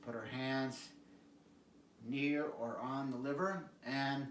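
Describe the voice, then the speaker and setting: A man teaching qigong, calmly cueing stretches and breathing sounds with repeated prompts. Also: medium pitch, slow, slight background noise. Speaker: qigong instructor. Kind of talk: guided exercise instruction. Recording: echoey room, mic at a distance.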